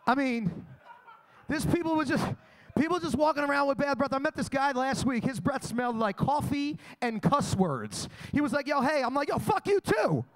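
A man's voice: extremely high pitch, normal speed. A young man doing a crude, boastful stand-up set in a comedy club. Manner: brash, crude, boastful storytelling.

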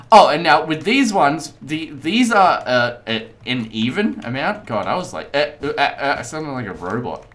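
A man casually commenting on his own gameplay as host, chatty, rambling and excitable. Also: mid-range voice. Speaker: let's play host.

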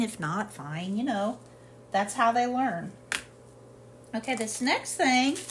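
A woman with a slightly high voice rambles cheerfully through a shopping haul at home, stopping often for fillers. Her talk is loose and unscripted. A faint room hum sits behind her. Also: fairly bright tone. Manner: rambling and chatty with many fillers. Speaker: haul vlogger. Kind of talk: casual product haul chat.

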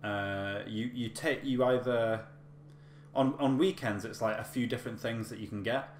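A man's voice: mid-range voice, steady tone, normal speed. A man chatting casually to camera, telling a story with many fillers and restarts. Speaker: vlogger. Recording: echoey room with faint hum.

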